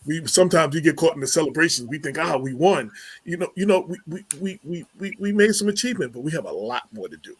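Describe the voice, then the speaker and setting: Male radio host, husky tone, dry sound, stumbles and repeats words, casual talk. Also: fairly high pitch, animated, no echo. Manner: halting, lots of repeated words and fillers.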